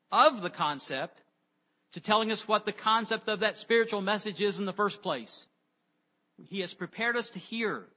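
A man preaching a sermon, emphatic, rising loud on key words and dropping low on others. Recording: dull lo-fi sound with long reverb.

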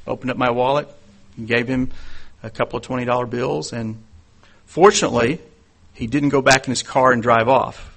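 A man preaching a sermon in an earnest, conversational way, telling personal stories and dropping into quieter asides. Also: mid-range voice, gravelly. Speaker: pastor.

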